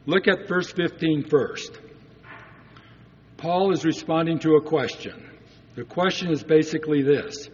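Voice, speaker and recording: Guy preaching in a big church, kinda husky, slightly high voice, long echo, muffled old recording. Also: moderate pace. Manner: earnest, uses rhetorical questions. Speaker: pastor. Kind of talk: sermon.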